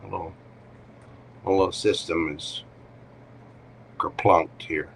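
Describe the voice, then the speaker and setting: Man, low and unhurried, chatty tarot host on a live stream, faint room hum behind. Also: steady tone, creaky, a bit bright, rough recording. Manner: chatty, talks to himself while shuffling. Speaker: tarot reader.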